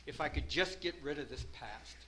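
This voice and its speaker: On a rough recording with slight background noise, an older man from Southern California describes his personal recovery at a meeting. He rambles initially, then livens up and laughs, speaking at a moderate pace in a mid-range voice.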